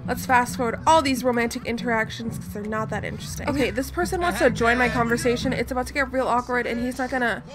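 A gaming channel host delivers relaxed, talkative commentary, feigning exasperation and telling off the on-screen characters. She talks fast at a fairly high, fairly even pitch, barely pausing, while clear background music plays under her voice.

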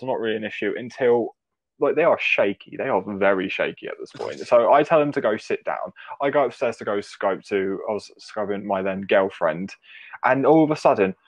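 A young man guesting on a podcast, chatting casually and telling animated stories with loud acted-out quotes. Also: lowish voice, dull audio. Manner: animated storyteller, acts out quotes loudly. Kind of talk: casual chat.

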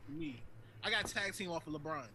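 A man's voice: on the high side, a little fast, bright, forceful tone. A man joking and teasing while playing an online party game over voice chat. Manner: playful, teasing. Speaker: player. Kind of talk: casual game banter. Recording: voice chat with other players audible.

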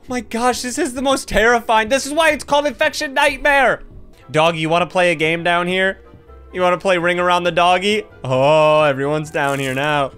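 A man giving excited Let's Play commentary, yelping and laughing as he talks to his viewers. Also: high voice, normal speed, clean tone, soft background music. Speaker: gaming YouTuber.

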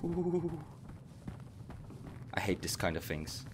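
Man, scared horror let's play, low voice, swinging pitch, faint game noise. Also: animated, normal speed. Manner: jittery, repeats words, swears when scared. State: frightened. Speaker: gamer playing a horror game.

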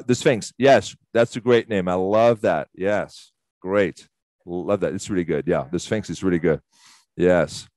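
Low-voiced man coaching. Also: a little mellow, dry recording, studio quality. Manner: chatty and enthusiastic, swears casually, many fillers. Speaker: fitness instructor leading a workshop. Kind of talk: casual live workshop instruction. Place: fitness studio.

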